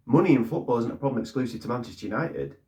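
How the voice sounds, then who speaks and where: A man's voice: medium pitch, lively intonation, very fast, darkish tone. A man giving blunt, ranting fan commentary on his club, swearing and repeating points for emphasis. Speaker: fan channel host.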